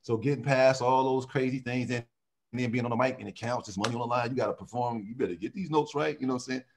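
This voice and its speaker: A man who sings in a vocal group, telling animated stories in a casual interview and often laughing. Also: mid-range voice, fast talker. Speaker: singer in a vocal group, guest.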